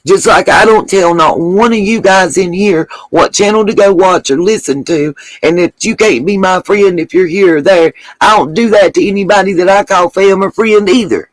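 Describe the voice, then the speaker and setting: A woman's voice: mid-range voice, normal speed, few pauses, no room sound, poor audio. A middle-aged woman hosts her own live stream, speaking bluntly and heatedly with plenty of profanity. Her voice sits close and dry, with no room sound around it. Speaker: livestream host.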